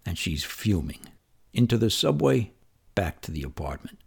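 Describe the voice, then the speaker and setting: Low, gravelly male storyteller from New York, husky, conversational and wry. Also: sing-song, normal speed. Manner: conversational, vivid, wry retelling of childhood. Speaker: memoir storyteller. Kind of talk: personal storytelling monologue.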